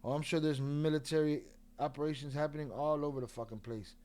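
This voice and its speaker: Man, podcast host, blunt interjections, casual swearing, slightly higher pitch. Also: steady tone, fast talker, dark tone. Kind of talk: casual discussion with chat.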